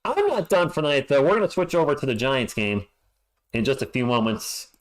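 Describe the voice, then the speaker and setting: A man's voice: medium pitch, animated, a little fast. A man hosting a fan livestream, calling play-by-play and ranting in frustration, often stammering when upset.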